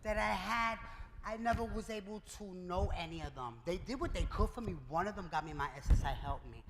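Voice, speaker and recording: A man giving a keynote speech, telling his own story in a lively way and acting out the dialogue. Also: high voice, fairly quick, a crowd in the background. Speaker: keynote speaker. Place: event hall before a live audience. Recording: reverberant hall with clear noise.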